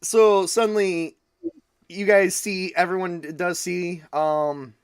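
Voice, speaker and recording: A man running a tabletop role-playing session as game master. He narrates in a casual, easygoing way, with frequent hesitations, and his voice sits a bit high for a man. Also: steady tone, slow, smooth, no room sound, clean studio sound. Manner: casual, laughing, hesitant fillers.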